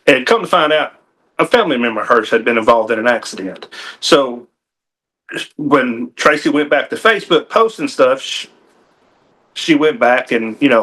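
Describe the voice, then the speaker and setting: A man's voice: medium pitch, expressive, normal speed, a bit bright. A man, a game warden telling a personal story in a TV interview, folksy and earnest with frequent restarts.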